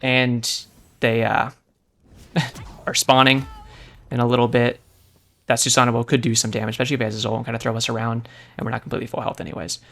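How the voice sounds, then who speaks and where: A man's voice: mid-range voice, little pitch movement, a little fast, creaky, pauses often, fairly bright tone. A man giving casual, profane, sarcastic commentary while he plays a video game. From United States. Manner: brash, profane, sarcastic banter. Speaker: gameplay commentator.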